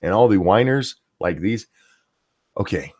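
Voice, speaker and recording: A man's voice: fairly low pitch, lively intonation, a little slow, a little mellow, dry recording, studio quality. A middle-aged man ranting profanely on a casual live stream, reading viewer comments aloud as the host.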